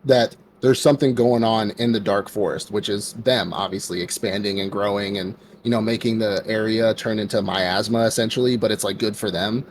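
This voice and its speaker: A man's voice: fairly low pitch, fairly even intonation, a little fast, few pauses, slight background noise. A man co-hosting a podcast, recapping an anime episode in a rambling, casual way and acting out the characters' lines with lots of "like" and "bro". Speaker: podcast co-host.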